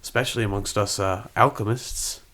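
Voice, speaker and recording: A man voicing a gentle, hermit-like male koala alchemist with a put-on Australian accent in a tabletop role-play. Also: fairly low pitch, fairly even intonation, moderate pace. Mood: calm. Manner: laid-back, folksy, breaks off to laugh.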